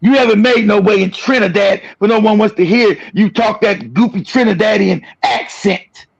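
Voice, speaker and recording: A man's voice: high voice, moderate pace, creaky, breathy edge, lo-fi sound. A man hosting a livestream, delivering an angry, profane, aggressive rant. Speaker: livestream host. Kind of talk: angry ranting monologue.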